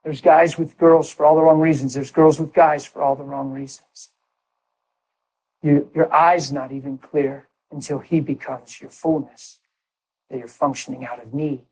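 A man preaching his own conversion testimony in a sermon, moving from hushed, earnest talk to excited shouts. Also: a little high, normal speed, a little hiss or hum, rough recording.

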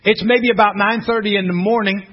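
A middle-aged male preacher from western Pennsylvania, telling a personal testimony in an animated sermon and often asking the audience questions. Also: high voice, fairly quick, highs cut off. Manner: animated storytelling, with repeated rhetorical questions to the audience.

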